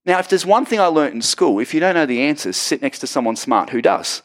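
A man in his thirties with an Australian accent, preaching to a church congregation as a guest pastor, joking and lively. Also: fairly high pitch, fast, few pauses. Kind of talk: sermon. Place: church auditorium.

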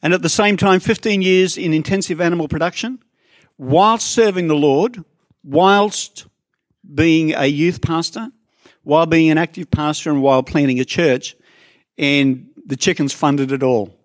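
A man preaches a sermon to his congregation in a church. His voice sits a bit high for a man and sounds dry and close to the mic. He keeps it conversational, with asides to people in the pews. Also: measured pace, no room sound. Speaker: pastor.

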